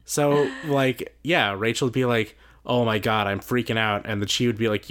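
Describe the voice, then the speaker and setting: Mid-range and fairly bright, this male co-host's voice holds a steady tone at a moderate pace. He reads out mail from listeners, chatting with wry jokes and casual profanity.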